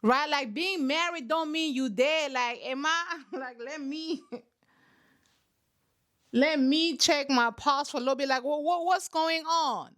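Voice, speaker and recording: A woman's voice: high voice, measured pace, fairly bright tone. A young woman host giving blunt, sassy commentary on a reality show, with laughing asides. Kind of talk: casual reaction commentary.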